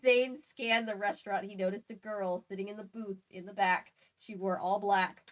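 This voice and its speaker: A woman's voice: medium pitch, steady tone, moderate pace. A woman reading a book aloud with playful, chatty comedic asides as the show's host.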